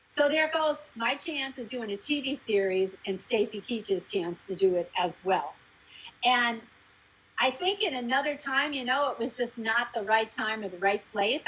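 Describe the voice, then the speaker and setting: Woman, casual anecdotes, brisk and animated, higher voice, dull lo-fi recording. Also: slightly rough. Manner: lively storytelling, acts out quoted people. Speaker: actress recalling a film shoot.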